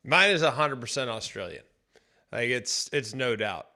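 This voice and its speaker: A man's voice: mid-range voice, animated, normal speed, pushed and bright. A man co-hosting a sports radio morning show, talking eagerly with lots of fillers. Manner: enthusiastic, filler-heavy. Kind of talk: casual morning radio chat. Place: radio studio.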